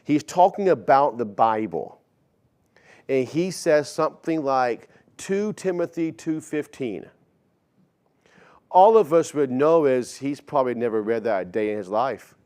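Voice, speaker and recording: A man's voice: mid-range voice, animated, moderate pace, darkish tone, clear, resonant tone. A man in his forties preaching a sermon in a conversational storytelling way, often stammering and repeating words. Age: 40s. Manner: acts out quoted dialogue in shifting voices.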